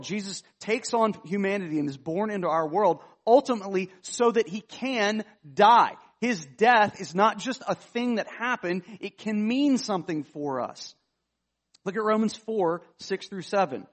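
A man, a pastor preaching a conversational sermon that rises with emphasis when he reads scripture. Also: sits high.

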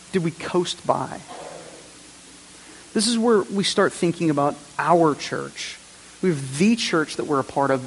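A man preaching a sermon to his congregation, earnest, with repeated phrases and rhetorical questions. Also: a little high. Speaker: pastor. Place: church sanctuary. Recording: long reverb, faint hiss.

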